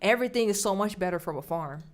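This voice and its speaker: A woman's voice: mid-range voice, expressive, fast talker. A woman hosting a livestream in casual chat, chatty and laughing often, at times dropping to a whisper. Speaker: livestream host. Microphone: streaming setup at a desk with screens.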